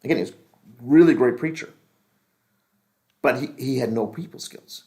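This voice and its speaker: A man's voice: medium pitch, normal speed, warm tone. A middle-aged man, a pastor, teaching a leadership class in a casual, rambling, joking way with many restarts.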